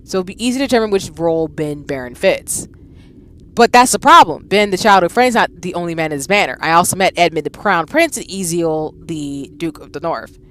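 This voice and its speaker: A woman's voice: on the low side, animated, a little fast, a bit bright, slight background noise. A woman voicing a proud, stubborn young noblewoman villainess, reading game dialogue in a formal, self-assured manner. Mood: indignant.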